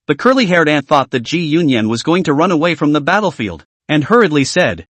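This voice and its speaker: A man narrating a comic story recap, reading every character's lines in one steady narrating voice. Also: a little high, a little fast, few pauses, no echo.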